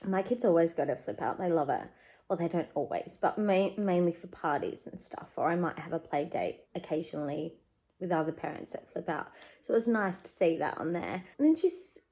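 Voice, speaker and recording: A woman in her thirties with an Australian accent, a working mum giving a candid, chatty life update from her home that turns quieter and more emotional when she talks about parenting. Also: lowish voice, low-quality recording. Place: at home, in her living room.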